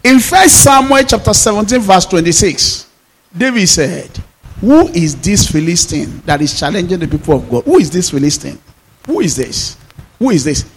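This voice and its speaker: A man's voice: very high voice, a bit bright, rough recording. A man preaching a sermon as pastor, emphatic and full of repeated rhetorical questions.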